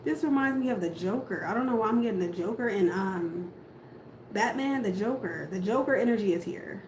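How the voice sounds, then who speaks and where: A woman's voice: medium pitch, animated, fairly quick, a little mellow. A woman doing a casual tarot reading, musing aloud and talking bluntly, with casual swearing. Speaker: tarot reader. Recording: echoey room with audible background noise.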